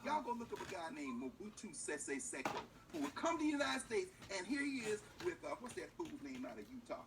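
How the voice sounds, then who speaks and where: A man giving animated political commentary, acting out officials in mocking voices with emphasis. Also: sits high, fairly quick, background noise. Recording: distant mic with faint room ambience.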